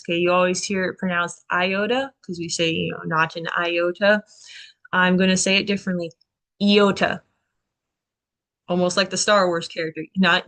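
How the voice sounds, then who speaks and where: A woman's voice: on the low side, a bit bright. A woman tutoring students through a recorded alphabet lesson, chatty and upbeat, walking through each stroke step by step.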